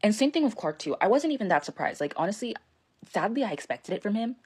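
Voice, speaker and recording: A woman's voice: mid-range voice, sing-song, fast, darkish tone, breathy edge. A young woman telling a casual storytime into her phone, rambling with lots of fillers and frequent swearing.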